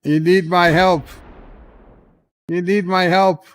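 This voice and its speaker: A man's voice: sits high, takes it slowly. A man streaming a strategy game, reacting aloud with grumbles, curses and cheers. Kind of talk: live game commentary.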